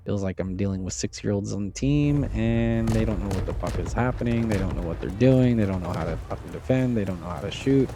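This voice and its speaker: A man's voice: on the low side, noisy background. A man doing live gameplay commentary, swearing freely and ranting in exasperation at his teammates, with incredulous outbursts. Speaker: streamer.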